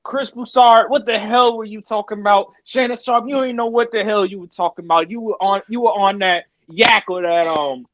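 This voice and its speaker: A man's voice: sits high, fairly even intonation, normal speed, few pauses, fairly bright tone, dry recording, lo-fi sound. A man hosting a podcast, ranting casually and emphatically and repeating his points. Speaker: podcast host. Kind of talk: casual sports rant.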